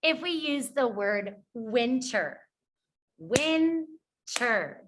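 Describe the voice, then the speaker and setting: A young woman teaching preschoolers, speaking slowly and clearly, praising them often and singing simple songs. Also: high-pitched, lively intonation, noisy background.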